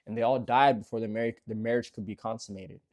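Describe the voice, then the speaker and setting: A man's voice: medium pitch, steady tone, fast talker, darkish tone. A man retelling a scripture story in an earnest, conversational way, often speaking straight to the listener and repeating himself for emphasis. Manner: conversational, repetitive, earnest, addresses listener directly. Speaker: bible storyteller.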